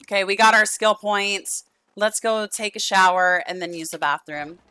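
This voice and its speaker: A woman's voice: mid-range voice, normal speed, bright, forceful tone, clean tone, dry recording. A young woman streaming a life-sim game, chatting affectionately with viewers and her characters, losing her voice. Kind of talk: casual gameplay stream chat.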